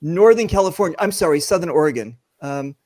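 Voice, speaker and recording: A man's voice: a little high, animated, a little fast, darkish tone, no echo. A man hosting a casual video-call chat, joking and rambling with lots of fillers. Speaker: host.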